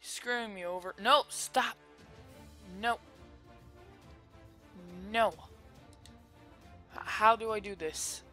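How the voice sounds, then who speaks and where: A YouTuber giving chatty, rambling commentary over a pirate game, with sudden loud excited outbursts. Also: medium pitch, takes it slowly, pauses often, faint music behind. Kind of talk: gameplay commentary.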